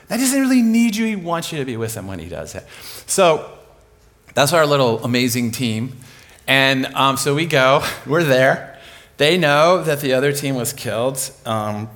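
Animated, laughing male preacher. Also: medium pitch, normal speed, creaky. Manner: animated, comic, laughs while telling stories. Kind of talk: sermon storytelling.

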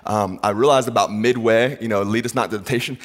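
In a sermon recorded with long hall reverb, a man in his thirties with a fairly low voice and a quick pace shares a humorous story from his own life. This pastor is animated and pokes fun at himself, acting out each person's lines.

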